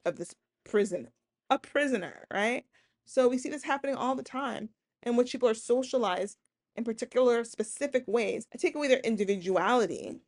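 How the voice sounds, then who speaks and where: Animated woman hosting a sociology podcast. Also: on the high side. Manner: animated, acts out quoted voices, keeps asking "right?". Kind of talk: casual lecture podcast.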